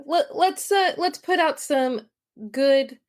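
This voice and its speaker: A woman co-hosting a podcast as a mental health professional, chatting casually and emphatically, teasing, and briskly reading a list of facts. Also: high-pitched.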